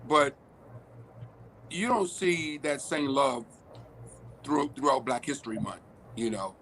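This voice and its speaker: A man from Washington, D.C. talks on a discussion panel, worked up and frustrated but laughing between points. His voice sits at an everyday middle pitch. Faint noise runs under the recording. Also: takes it slowly, a bit bright.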